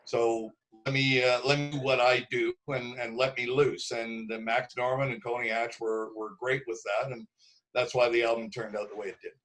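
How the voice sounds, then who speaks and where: A man in his sixties from Canada, a drummer guest telling stories in a relaxed interview, slipping into voices for the people he quotes. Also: medium pitch, moderate pace, rough recording. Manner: lively storyteller who acts out quoted voices. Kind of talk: casual interview storytelling.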